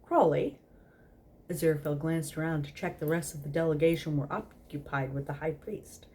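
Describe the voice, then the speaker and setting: A woman's voice: sits low, level tone, a little fast, dark tone. A tipsy woman host reading a story aloud in a casual, giggly way, stumbling over words.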